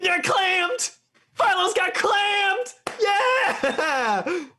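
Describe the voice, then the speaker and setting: A woman's voice: deep voice, sing-song, moderate pace, a bit bright, slightly rough, heavily acted. A woman playing brash boastful Snarla. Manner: boastful, rowdy.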